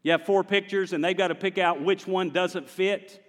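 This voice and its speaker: Male pastor, higher voice, lively conversational sermon, long church reverb. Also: normal speed. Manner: animated, conversational preaching with the congregation. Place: large church sanctuary.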